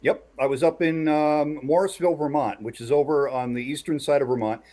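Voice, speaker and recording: A man's voice: a little high, fairly even intonation, fairly quick, warm tone. A man hosting a casual podcast chat who builds suspense as he tells a story. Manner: builds suspense while recounting a tale.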